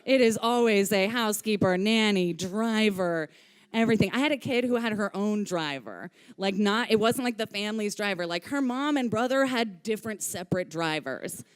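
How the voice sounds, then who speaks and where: A woman telling a personal story live on stage into a microphone, candid and lively, swearing casually. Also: medium pitch, moderate pace, clean tone. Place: stage of a live music venue.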